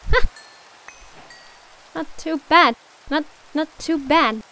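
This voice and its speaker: A woman's voice: high-pitched, slow pace, pushed and bright, low-quality recording. A young woman giving casual gameplay commentary, muttering to herself, swearing and getting exasperated. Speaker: gaming YouTuber. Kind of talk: casual let's-play commentary.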